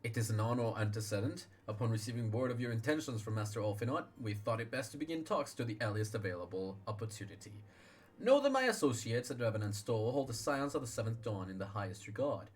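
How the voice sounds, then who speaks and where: A man doing a deep, courtly guild envoy. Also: expressive, breathy edge. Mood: courteous. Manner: slow, measured formal speech. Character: stiff, courtly male guild emissary.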